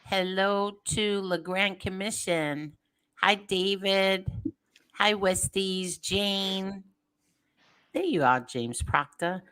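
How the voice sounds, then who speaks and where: A woman chats as a guest on a live stream, with an unhurried and friendly manner. Her voice is bright and a bit tense. She takes her time greeting viewers by name. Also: medium pitch, smooth. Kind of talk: casual live-stream chat.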